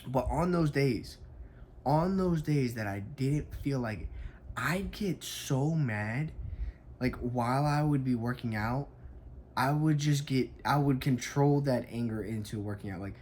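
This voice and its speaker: A man's voice: mid-range voice, measured pace, a little mellow, slight background noise. A young adult man, a fitness coach, tells a story in a casual vlog, emphatic and frank, with lots of "like".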